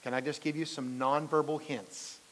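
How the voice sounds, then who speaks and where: High-voiced male pastor in a reverberant hall. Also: level tone, normal speed, fairly bright tone, slight background noise. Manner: storytelling, asks the congregation questions. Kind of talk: conversational sermon. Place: church sanctuary. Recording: long reverb of a large church hall.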